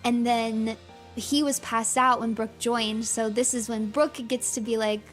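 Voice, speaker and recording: A woman streamer in excitable, gushing livestream commentary, laughing often and using lots of fillers. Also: a little high, unhurried, faint music behind.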